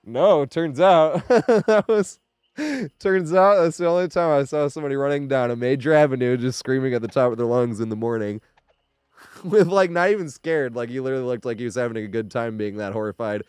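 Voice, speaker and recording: A young man chats while he streams a game, spinning loose, laughing stories with plenty of swearing. His voice comes through smooth and clear, and the sound is dry, with no room echo. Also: medium pitch, expressive, brisk, darkish tone. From New York area. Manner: rambling storytelling with frequent laughs and swearing. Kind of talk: casual chat while streaming.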